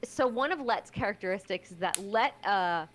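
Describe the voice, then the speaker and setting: A woman's voice: mid-range voice, animated, moderate pace, a bit bright, a little hiss or hum. A woman playing in a tabletop game, explaining her character thoughtfully with many hesitations. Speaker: player. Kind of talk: casual tabletop play.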